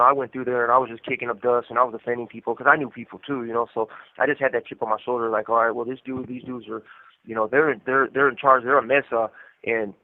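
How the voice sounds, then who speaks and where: Man, mid-pitched voice, quick rambling profane talk, tinny dry phone line. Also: dry recording. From California. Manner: rapid, profane, rambling with many fillers. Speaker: co-host. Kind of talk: casual storytelling on a live call-in show.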